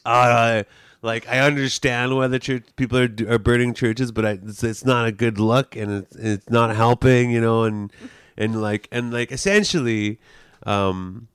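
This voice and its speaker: A man's voice: medium pitch, fairly even intonation, a little slow, a bit bright, clear, resonant tone, dry recording, clean studio sound. Rambling, profane Canadian man telling stories. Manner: rambling, profane storytelling with frequent restarts and laughter. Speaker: comedian and podcast co-host. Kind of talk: casual chat.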